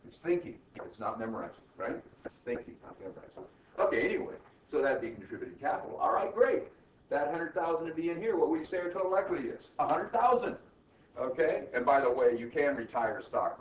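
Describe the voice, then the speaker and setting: Middle-aged male lecturer, emphatic, keeps asking "right?", recorded from across an echoey room. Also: medium pitch. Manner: emphatic, peppers questions with "right?" and "okay?". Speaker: accounting instructor. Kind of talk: classroom lecture. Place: classroom. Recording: muffled, roomy classroom recording from far off.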